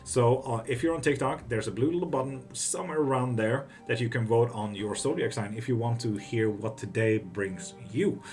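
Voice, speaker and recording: Male tarot streamer, easygoing, salty language, mid-pitched, faint music underneath. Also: moderate pace, hardly any pauses. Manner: relaxed, swears freely, greets and answers chat. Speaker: tarot reader and livestream host. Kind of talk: casual live-stream chat.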